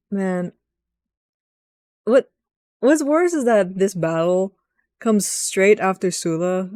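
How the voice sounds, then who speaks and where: A young woman recapping a video game in a rambling, excitable rant, swearing often and jumping up in pitch when frustrated. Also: no echo. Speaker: gaming vlogger.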